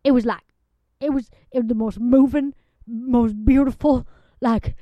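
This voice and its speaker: A woman's voice: on the high side, steady tone, a little slow, dry recording, lightly acted. A woman doing a giddy lovestruck gal. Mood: gushing. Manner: rambling, gushing, tearful, dialect-heavy. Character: folksy lovestruck Southern woman, giddy and emotional. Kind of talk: improvised comedy character bit. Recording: dull lo-fi recording.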